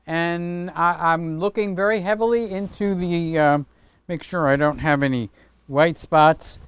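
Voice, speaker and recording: Chatty livestream host, smooth dry voice. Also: male voice, on the high side, fairly bright tone, no echo. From Greek heritage. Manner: chatty, playful, talks with his hands. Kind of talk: casual livestream chat.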